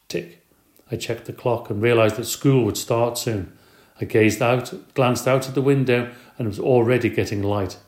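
Man, children's audiobook narration, mid-pitched, gentle, expressive, roomy echo. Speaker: audiobook reader. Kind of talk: scripted narration.

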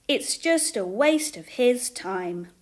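A woman's voice: fairly high pitch, animated, takes it slowly. A woman voicing a snide, sniffy man, a third of Jesus' friends, in a storybook reading.

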